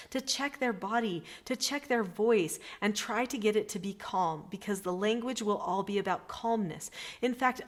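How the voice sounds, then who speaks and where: A middle-aged woman giving an earnest, emphatic parenting lesson straight to camera. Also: fairly high pitch. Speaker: parenting educator.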